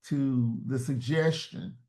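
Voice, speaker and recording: A man's voice: mid-range voice, slow, a little mellow. A man talking as an interview guest in a reflective, searching way, often restarting words mid-thought. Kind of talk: casual interview talk.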